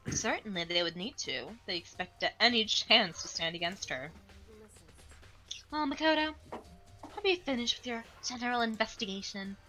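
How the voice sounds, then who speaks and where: Composed female investigator, commanding, woman reading it; lively, bright. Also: fairly high pitch, normal speed, faint music behind. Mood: stern. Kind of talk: amateur game voice reading.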